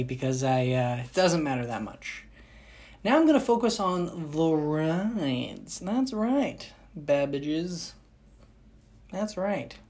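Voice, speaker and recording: A young woman vlogger chatting casually, rambling with frequent restarts and self-corrections. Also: low voice. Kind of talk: casual chat.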